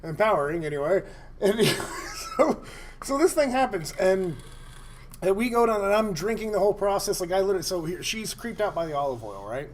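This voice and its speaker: A man on a podcast telling a crude story in a rambling, animated way, laughing often. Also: high-pitched, brisk. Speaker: podcast co-host.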